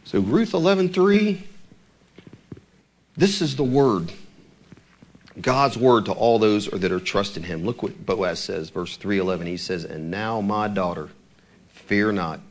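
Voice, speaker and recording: A man preaching a sermon, retelling scripture stories with animated delivery and acting out the lines of the people in them. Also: on the low side, a little slow, pauses often.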